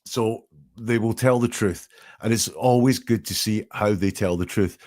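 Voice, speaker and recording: A man's voice: on the low side, a little slow, darkish tone. A man hosting a live podcast, thinking aloud with frequent ums as he analyzes quoted statements step by step. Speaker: podcast host analyzing language.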